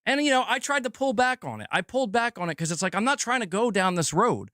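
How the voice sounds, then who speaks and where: Animated, high-voiced male streamer ranting. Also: fast talker, no echo, clean studio sound. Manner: profane, animated venting with mock quotes. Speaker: gaming streamer. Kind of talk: casual livestream rant.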